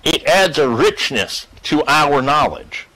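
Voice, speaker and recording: Slow, animated, profane male lecturer. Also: on the high side, poor audio. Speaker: class teacher. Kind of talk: casual spoken lecture.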